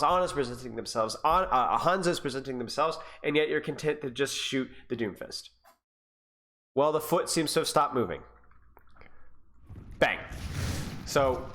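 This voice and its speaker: Exasperated man coaching over gameplay. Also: a bit bright. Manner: exasperated, teasing, rises higher when frustrated. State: sick. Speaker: game coach. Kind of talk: gameplay review commentary.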